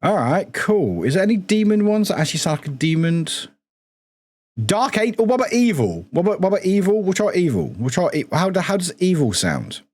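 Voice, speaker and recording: A man's voice: high-pitched, very animated, a little fast, a little mellow. A young British man chatting casually on a live stream, scattered and swearing, with lots of restarts.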